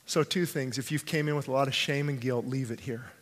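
A male pastor preaching a sermon, swinging between hushed pleading and fervent shouting and repeating phrases for emphasis. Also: mid-range voice, fairly even intonation, a little fast, in a large hall. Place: church sanctuary.

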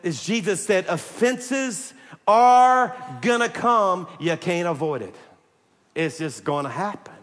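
A man preaching a sermon, animated and joking, pressing his points hard and calling out to the congregation. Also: sits high, in a large hall. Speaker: pastor.

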